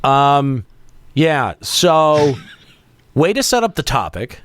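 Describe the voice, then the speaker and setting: A man's voice: on the high side, big pitch swings, takes it slowly, a bit bright, no echo. A man hosting a casual gaming podcast, ranting in a brash, profane, mock-outraged way. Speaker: podcast host.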